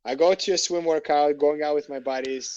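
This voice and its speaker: A man telling a long personal story as a podcast guest, lively and animated, acting out the conversations he recounts. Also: fairly high pitch, a little fast, dull audio.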